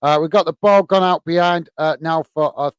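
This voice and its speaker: Brief: UK man hosting live match chat, smooth voice, dry close mic, halting with fillers. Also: a little high, dry recording. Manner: hesitant, many fillers, friendly. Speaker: host.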